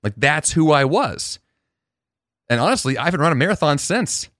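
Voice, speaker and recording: A man's voice: fairly high pitch, very animated, normal speed, fairly bright tone, dry recording, studio quality. A man hosting his own podcast, talking in an earnest, reflective way with fillers and restarts. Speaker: podcast host. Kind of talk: casual solo podcast monologue.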